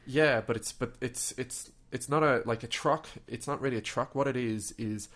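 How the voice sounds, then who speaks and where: A man's voice: medium pitch, moderate pace, fairly bright tone. An Australian man co-hosting a podcast, talking casually with lots of fillers and restarts. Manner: rambling, many fillers and restarts. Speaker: podcast co-host. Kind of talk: casual chat.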